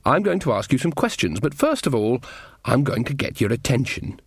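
A man voicing a cheerful young woman, a queen wielding an axe, who talks in a bright, matter-of-fact way. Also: mid-range voice, very animated, normal speed, husky, dry recording, clean studio sound. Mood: cheerfully menacing.

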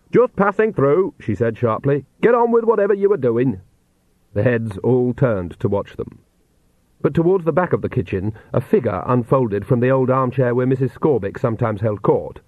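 A man reading a novel aloud in measured scripted narration. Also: mid-range voice, no room sound. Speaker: audiobook narrator. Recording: tinny phone-like dry sound.

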